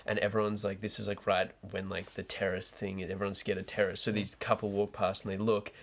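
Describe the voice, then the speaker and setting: Low-voiced, opinionated guy. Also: flat delivery, fast, gravelly. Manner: opinionated, swears casually. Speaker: podcast co-host. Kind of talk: casual chat.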